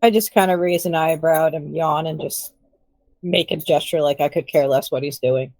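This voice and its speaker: A woman's voice: low-pitched, moderate pace, a little mellow, no echo. A woman playing in a tabletop game, talking casually and politely. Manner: polite, casual player talk. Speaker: player. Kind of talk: tabletop role-play.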